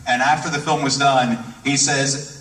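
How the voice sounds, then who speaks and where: A man on stage at a live tribute event, telling a gushing, excitable anecdote in quick bursts. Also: medium pitch. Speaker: guest speaker on stage. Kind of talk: enthusiastic storytelling anecdote. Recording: echoey theater from a distant mic.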